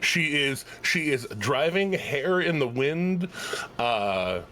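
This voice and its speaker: Halting, laughing game master man. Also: fairly high pitch, lively intonation, sharp tone. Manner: halting, many restarts, laughs often. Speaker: dungeon master. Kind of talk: running a tabletop game, casual chat.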